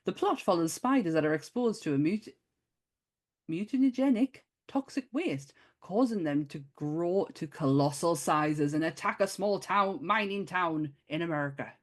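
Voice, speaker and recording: Northern English woman, podcast co-host, animated pitch, quick giggly delivery. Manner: lively, laughs often, reads intros quickly. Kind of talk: casual chat.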